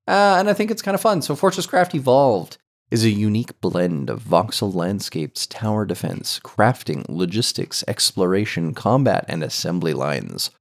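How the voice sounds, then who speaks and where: Brief: male podcast host, low voice, easygoing casual chat. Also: animated, moderate pace, vocal fry. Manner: easygoing, reads game info aloud.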